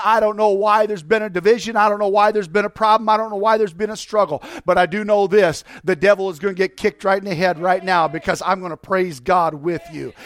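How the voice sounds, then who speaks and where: A man's voice: sits high, no room sound. A man preaching fervently to his church, exhorting the congregation and breaking into song. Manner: preaching with urgent repetition. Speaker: pastor. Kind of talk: sermon. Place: church sanctuary.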